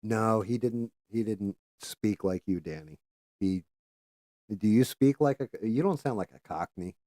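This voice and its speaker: A man with a low, warm, mellow voice talks casually on a livestream, rambling from one thought to the next and swearing freely. He trails off now and then while busy with careful handwork at his desk. The sound is dry and close. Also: measured pace, no room sound. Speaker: livestream host.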